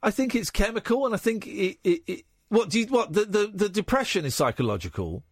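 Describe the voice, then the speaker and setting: A man in his forties hosting a late-night phone-in, talking casually with halting restarts. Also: high-pitched, sing-song, no room sound, studio quality. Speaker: radio phone-in host. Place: radio studio. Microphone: studio mic.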